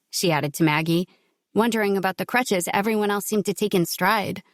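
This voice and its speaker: A woman reading a novel aloud as an audiobook narrator, in steady, measured scripted narration. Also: mid-range voice, dry recording, studio quality.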